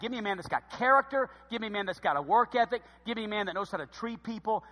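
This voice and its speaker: A male pastor delivering a fervent sermon, swinging from loud bursts to low, quiet emphasis. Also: long reverb tail.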